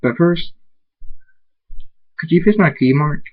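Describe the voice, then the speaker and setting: A gruff male pony from a fan storybook, curt and impatient, as a man reads him. He speaks in short, clipped bursts. The recording is dull and lo-fi. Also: on the high side, animated, slow pace, pitched above the performer's own voice.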